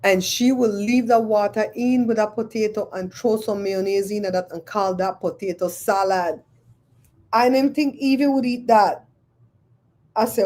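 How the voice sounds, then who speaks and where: Animated woman, mellow voice. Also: a little high, moderate pace. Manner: animated, exclaiming and retelling stories. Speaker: livestream host. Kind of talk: casual chat with live viewers.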